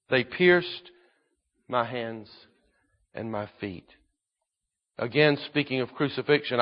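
A man preaching a sermon, moving between quiet solemn scripture reading and loud fervent exhortation. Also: mid-range voice, highs cut off. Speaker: pastor.

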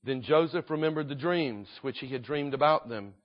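A man preaching a sermon in an earnest, emphatic way, slowing down and swelling in volume to drive points home. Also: mid-range voice, muffled recording.

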